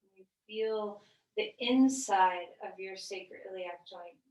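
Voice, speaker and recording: A woman teaching a gentle yoga class, guiding slowly with calm, questioning cues and the odd filler. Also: mid-range voice. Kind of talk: guided yoga class instruction. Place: room, lying on the floor. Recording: echoey room, voice from a distance.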